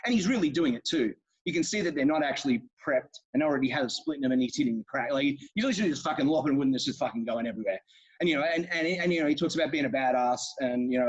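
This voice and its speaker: Rapid husky guy on a podcast, cursing every other word, gushing about a movie, muffled lo-fi sound. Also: medium pitch, expressive. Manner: profane, rambling, enthusiastic retelling of scenes. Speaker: podcast co-host. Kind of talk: casual film chat. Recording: dull lo-fi sound.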